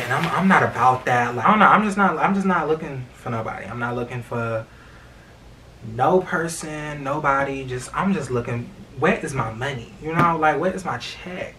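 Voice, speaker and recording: A man's voice: medium pitch, distant mic, noisy background. A young man, talking casually in a vlog with lots of fillers and swearing. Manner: expressive, swears freely, many fillers. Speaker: vlogger. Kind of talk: casual storytime chat.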